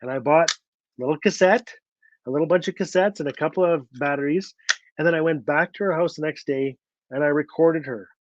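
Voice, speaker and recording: A man telling a story at an online book event, earnest and halting, repeating words as he goes and acting out what others said. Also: a little high, no echo. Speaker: author and storyteller. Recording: dull, dry sound.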